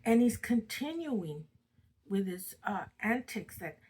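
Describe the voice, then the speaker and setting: A woman's voice: medium pitch, sing-song, slow, a little mellow, low-quality recording. An older woman casually retelling a spooky true story from her own family, chatty and dramatic. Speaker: storyteller host. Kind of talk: casual spoken ghost story.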